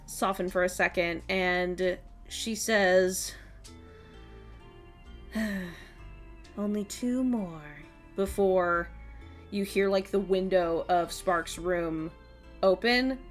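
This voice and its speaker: A woman's voice: mid-range voice, steady tone, takes it slowly, faint music behind. A woman game master narrating a tabletop game scene, talking casually with many fillers. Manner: descriptive, full of fillers like "like" and "um".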